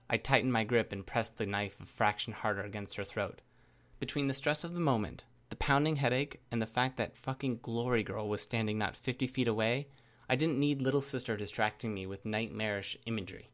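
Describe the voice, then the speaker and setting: An audiobook narrator, a man with a medium-pitched voice, reads a first-person story aloud in steady, measured narration.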